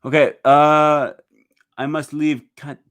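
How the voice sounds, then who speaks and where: A man hosting a casual livestream at home, reading viewer comments aloud and chatting about them, with many fillers and a relaxed, meandering way of talking. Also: on the high side, slow, smooth. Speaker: livestream host.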